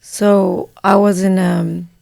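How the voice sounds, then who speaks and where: A woman host from Morocco, telling a personal story in a relaxed, unhurried way with fillers. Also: medium pitch, vocal fry, dry recording. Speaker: podcast host. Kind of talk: casual conversation.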